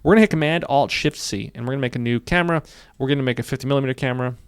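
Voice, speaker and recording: A man teaching software in a screen-recorded tutorial, upbeat, narrating his clicks and often repeating phrases. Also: medium pitch, racing, smooth, dry recording, studio quality. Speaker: software instructor.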